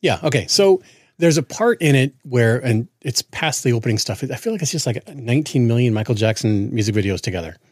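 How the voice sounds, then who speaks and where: A man's voice: mid-range voice, expressive, a little fast, a little mellow, no room sound, studio quality. A man co-hosting a casual podcast as a father, joking around and wandering off on tangents. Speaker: podcast co-host. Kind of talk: casual chat.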